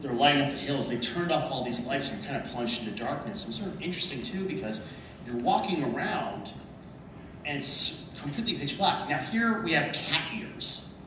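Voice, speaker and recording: A man telling lively anecdotes to a convention panel audience, often laughing. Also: on the high side, normal speed. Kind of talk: storytelling at a panel. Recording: echoey hall from far off, background noise.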